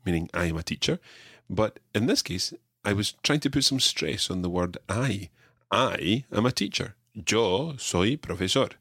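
A man teaching a podcast language lesson, drilling his learner with clear repeated phrases. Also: fairly low pitch, a bit bright, no room sound, clean studio sound.

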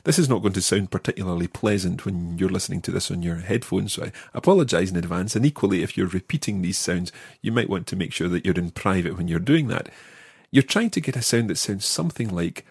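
A man hosting an audio language lesson, patiently explaining and slowing down to model each word. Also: low voice, expressive, gravelly, a little mellow, husky, no echo, clean studio sound. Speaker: language teacher, podcast host.

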